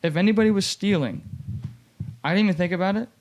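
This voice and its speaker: Animated young man telling a story. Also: high-pitched, fast. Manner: animated, acts out quoted voices, many "like" fillers. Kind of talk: casual storytelling chat.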